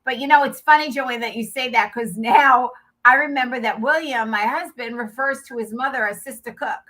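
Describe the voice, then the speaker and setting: A woman's voice: a little high, a little fast, pushed and bright, poor audio. A middle-aged woman with a faded New York accent, chatting casually in an agreeable, rambling way. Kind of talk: casual chat.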